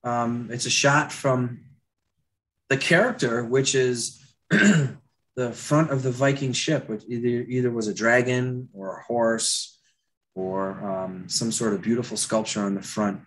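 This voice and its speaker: A man teaching storyboard drawing in a live demo, with a dry throat he keeps clearing. He talks loosely and chattily, with many fillers and restarts. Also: medium pitch, unhurried, fairly bright tone.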